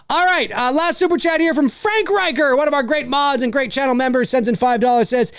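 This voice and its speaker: A man in his forties hosting a casual livestream, animated and profane, laughing often. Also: very high voice, brisk, smooth, dry recording, clean studio sound. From Canada. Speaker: livestream host.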